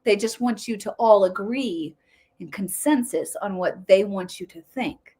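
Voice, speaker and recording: A woman hosting a political commentary show, ranting in an animated, sarcastic way. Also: medium pitch, measured pace, slightly rough. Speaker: host.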